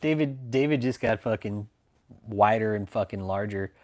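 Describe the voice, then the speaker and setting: A man's voice: lowish voice, normal speed, a little mellow, slight background noise. Profane man mocking on a livestream. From Texas. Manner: profane, mocking, laughs often. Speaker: livestream host. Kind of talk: casual livestream chat.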